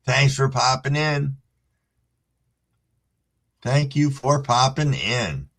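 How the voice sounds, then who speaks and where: A man's voice: mid-range voice, slow, long pauses, a bit bright. A middle-aged man hosting a casual livestream, greeting viewers by name and reading chat aloud in a laid-back way. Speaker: livestream host.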